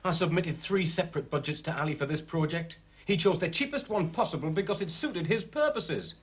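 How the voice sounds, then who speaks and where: An actor playing a curt, defensive architect who speaks in a clipped, dismissive way. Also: male voice, on the high side, lively intonation, brisk, close to an everyday voice. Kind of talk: TV drama acting. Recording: dull TV soundtrack.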